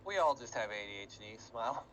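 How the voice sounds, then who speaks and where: A man's voice: lowish voice, lively intonation, brisk, a bit bright, a little hiss or hum, poor audio. A man chatting casually with his gaming group, rambling and self-deprecating, with fillers and laughs. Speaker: player in tabletop game group. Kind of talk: casual chat after a session.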